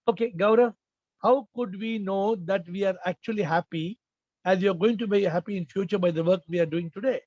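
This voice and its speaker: High-voiced man giving emphatic spiritual answers. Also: darkish tone, dry recording, dull audio. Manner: repetitive, emphatic, questioning the audience. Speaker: spiritual teacher answering questions. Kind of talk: informal spiritual Q&A talk.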